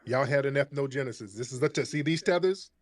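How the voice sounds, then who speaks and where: A man's voice: medium pitch, fast. A man hosting a heated live-stream talk show, mocking a caller and insisting over and over. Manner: mocking, insistent, repeats himself. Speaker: show host.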